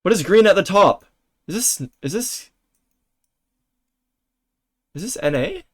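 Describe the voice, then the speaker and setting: A man with a fairly high voice, streaming a game and reacting out loud. He talks in frantic, panicky bursts, full of swearing and stacked exclamations. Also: expressive, slow. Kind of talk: live gameplay reactions.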